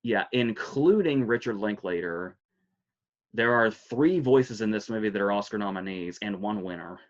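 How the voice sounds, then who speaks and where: A man co-hosting a podcast in casual chat, laughing often and talking in an animated, rambling way. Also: on the low side, moderate pace, muffled recording. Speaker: podcast co-host. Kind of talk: casual chat about films.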